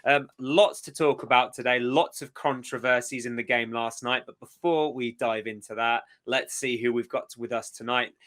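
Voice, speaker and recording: Bright-toned male host for a casual fan chat, upbeat and driving the questions. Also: mid-range voice, steady tone, normal speed, hardly any pauses. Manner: upbeat, leads the talk with questions. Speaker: podcast host.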